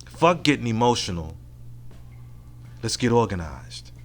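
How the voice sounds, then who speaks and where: A man hosting his own podcast by himself, speaking at a middle pitch. He is frank and reflective and swears freely, as if talking into a home mic. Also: sing-song, a little slow. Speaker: podcast host. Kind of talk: casual solo podcast monologue.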